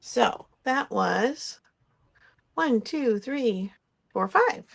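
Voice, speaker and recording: A woman's voice: fairly high pitch, lively intonation, very slow, vocal fry. A woman hosting a live craft-supply sale, chatting casually with ums and frequent laughs. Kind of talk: live-stream sales chat.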